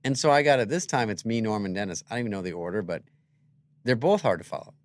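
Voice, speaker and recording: A comedian guesting on a talk show tells wry, mocking anecdotes in a casual way, playing both sides of each conversation. He talks fast and animatedly in a fairly low voice.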